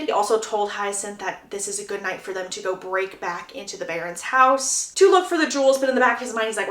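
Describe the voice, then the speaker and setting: Woman, casual book recap, high-pitched, chatty and animated, echoey room. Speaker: book reviewer.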